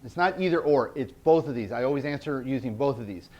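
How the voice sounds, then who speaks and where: A man's voice: mid-range voice, animated, fast talker, a little mellow, dull audio. A man presenting a workshop indoors, earnest, repeating key phrases and checking in with the group. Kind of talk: teaching a workshop. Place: indoor event space.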